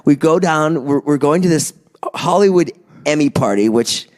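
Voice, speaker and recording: A man's voice: a little high, expressive, moderate pace. A man co-hosting a podcast, telling a funny story in casual chat and laughing often. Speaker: podcast co-host.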